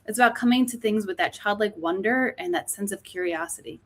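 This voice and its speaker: A woman's voice: mid-range voice, a little fast, a little hiss or hum. A woman, an author and teacher, explaining mindfulness in a podcast interview, often checking in with "right?". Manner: explanatory, frequent "right?" tags.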